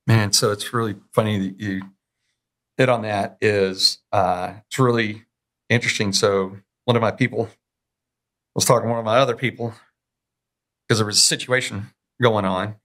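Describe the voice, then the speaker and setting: A man's voice: fairly low pitch, fairly even intonation, normal speed, long pauses, a bit bright. A male podcast host and Marine veteran in a casual interview, telling long anecdotes and acting out other people's words. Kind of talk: conversational interview.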